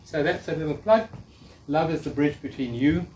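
A man in his fifties speaks to a seated audience in a meeting room, coaching and repeating his key phrases. His voice sits a little high for a man. It is picked up from a distance with a faint hiss under it. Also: moderate pace, darkish tone. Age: 50s. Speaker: workshop speaker. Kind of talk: live talk to an audience.

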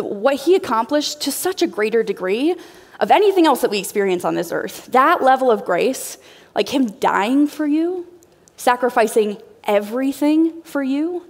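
Young female youth pastor, expressive and candid, preaching to teens in a reverberant hall. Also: on the high side. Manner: bubbly, emotional, talks straight to teens. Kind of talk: youth sermon.

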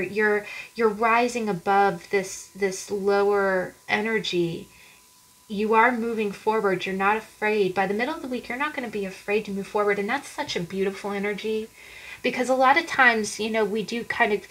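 A woman's voice: mid-range voice, a bit bright, rough recording. Woman tarot reader, casual earnest delivery with frequent restarts. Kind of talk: casual tarot reading to viewers.

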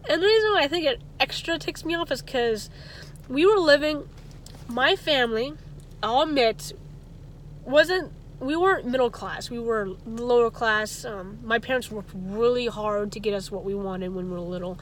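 Chatty rambling woman, slightly high voice. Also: normal speed, slight background noise. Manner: rambling, stumbles and restarts words; gets worked up and indignant. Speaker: vlogger. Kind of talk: casual chat to camera.

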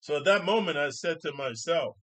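A man's voice: fairly high pitch, lively intonation, a little fast, a bit bright. Street-talking middle-aged man telling a story. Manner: streetwise, loose, calls viewers dude and bro. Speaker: channel host. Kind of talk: casual storytelling to viewers.

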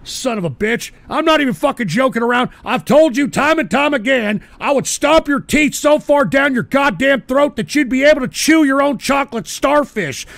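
A man hosts a live call-in stream with a high-set voice that grinds with heavy fry. He rants belligerently and profanely at his chat, often bursting into shouts. He talks into a desk microphone. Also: dry recording. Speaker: call-in show host.

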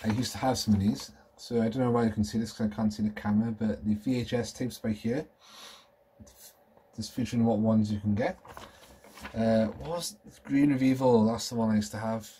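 A collector vlogger in his thirties shows off collectibles at home in a casual show-and-tell chat, rambling, enthusiastic, and nostalgic. His fairly low, dark voice is fairly even in intonation and fairly quick, with a little hiss or hum.

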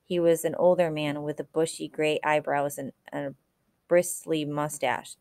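A woman reading a children's novel aloud in a steady storytelling manner, with the odd slip and restart. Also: low voice, normal speed, no room sound, studio quality. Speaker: reader.

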